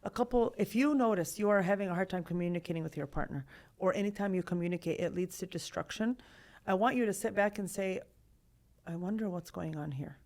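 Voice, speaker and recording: A woman in her thirties, a trauma therapist, talking in a podcast conversation, animated and full of rhetorical questions. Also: on the low side, brisk. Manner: animated, acts out quoted voices, asks many rhetorical questions.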